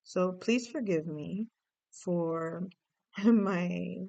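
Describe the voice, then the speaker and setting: A woman's voice: on the low side, extremely slow, gravelly, warm tone, dry recording, lo-fi sound. A woman giving a casual tarot reading to camera, musing and emotive, thinking aloud and often restarting her sentences. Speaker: tarot reader.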